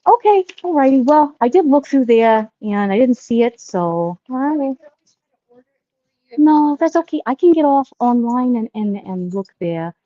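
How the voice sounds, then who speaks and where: A woman's voice: fairly high pitch, animated, unhurried, dark tone, no echo, highs cut off. A woman vlogging casually while she shops in a store, chatty and rambling with folksy sayings. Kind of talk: casual shopping vlog.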